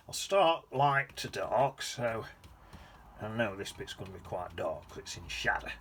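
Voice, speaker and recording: A man's voice: lowish voice, lively intonation, measured pace, pushed and bright, a little hiss or hum. A man giving a casual watercolour painting demonstration, rambling along with muttered asides to himself. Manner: chatty, rambling self-talk with muttered asides. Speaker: painting teacher.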